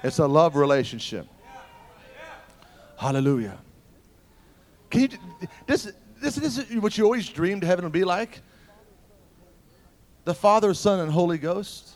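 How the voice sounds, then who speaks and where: A male preacher delivering an animated sermon at a church service. His voice sits a little high and moves all over the place. He swings between loud exclamations and quiet, confiding asides as he tells his stories. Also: measured pace, pauses often.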